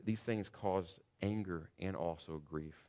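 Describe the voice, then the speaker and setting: A man preaching a sermon in a church, earnest and building to loud, emphatic passages. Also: low-pitched, unhurried. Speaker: pastor.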